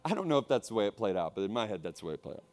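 A man preaching a sermon, swinging from hushed, low passages to loud, emphatic repeated lines. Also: sing-song, rapid-fire. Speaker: pastor.

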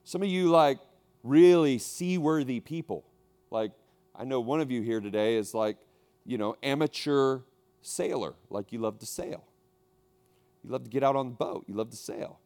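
A man preaching a sermon, acting out listeners' voices with dramatic repetition and big swings between soft and loud. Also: mid-range voice, moderate pace. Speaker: pastor.

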